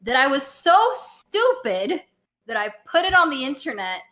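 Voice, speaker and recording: A woman's voice: sits high, big pitch swings, moderate pace, pushed and bright. A woman co-hosting a podcast in casual chat, blunt and mocking as she tells the story with energy. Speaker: podcast co-host.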